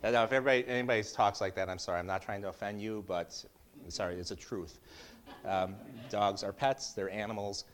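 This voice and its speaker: A man's voice: on the low side, fairly even intonation, a little fast. A middle-aged man giving a casual Bible teaching in a conversational way, with joking asides and frequent restarts.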